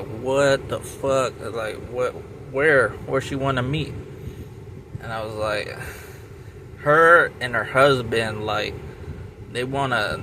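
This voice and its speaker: Slow, rambling man over street noise. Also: mid-range voice. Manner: rambling, repeats words and restarts, many fillers. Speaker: vlogger telling a story. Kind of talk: rambling casual storytelling. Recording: loud traffic and outdoor noise.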